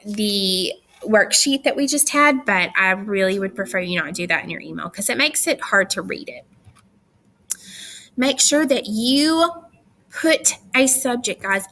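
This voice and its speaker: A woman's voice: high-pitched, fairly bright tone. A young adult woman teacher giving recorded instructions to her students, chatty and firm with teasing asides.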